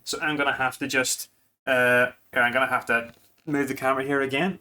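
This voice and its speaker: A man's voice: medium pitch, steady tone, fairly quick, pushed and bright. A man, a food vlogger chatting casually through a home cooking demo with rambling, self-mocking asides.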